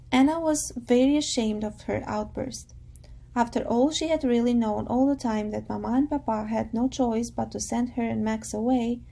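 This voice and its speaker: Gravelly, mellow-voiced woman teacher. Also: fairly high pitch. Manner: calm, patient, guiding students. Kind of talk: reading a novel aloud to a class.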